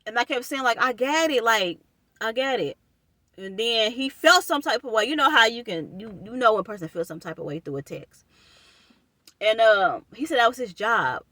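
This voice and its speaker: A young woman, telling a personal story to her viewers in an animated, casual way and calling them y'all. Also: a little high, brisk, no echo.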